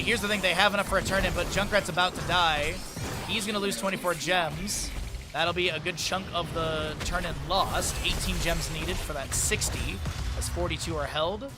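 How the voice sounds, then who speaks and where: A man's voice: high voice, over music. A man casting a live esports match, calling the plays and chatting with viewers in chat. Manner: rapid play-by-play calls with chatty asides to chat. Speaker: esports caster. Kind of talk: live esports play-by-play commentary.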